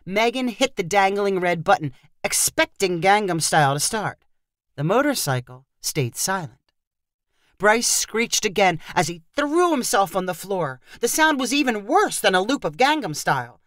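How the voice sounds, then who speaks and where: A woman reading a humorous short story aloud in scripted narration with expressive storytelling. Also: medium pitch, moderate pace, no echo, clean studio sound. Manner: expressive storytelling, lively intonation.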